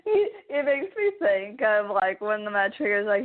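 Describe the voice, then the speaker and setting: A woman's voice: mid-range voice, very animated, moderate pace, hardly any pauses. A woman co-hosting a podcast, chatting playfully and giggling as she quotes lines. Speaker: podcast co-host. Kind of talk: casual podcast chat. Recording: tinny phone-like audio.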